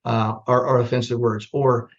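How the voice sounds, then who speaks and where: A man's voice: mid-range voice, moderate pace. An older man from the American Midwest talks in a plain, down-to-earth way. He tells stories as a podcast guest and brings remembered dialogue to life with energy. His voice comes through a slightly dull, muffled remote call. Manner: plainspoken, animated storyteller who acts out remembered dialogue. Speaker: guest, retired army general. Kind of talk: conversational storytelling on a podcast.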